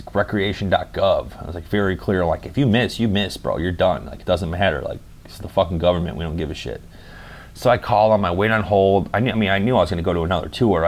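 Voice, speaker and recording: Brief: low-pitched guy, casual travel vlogger, slangy and profane, rambling storyteller.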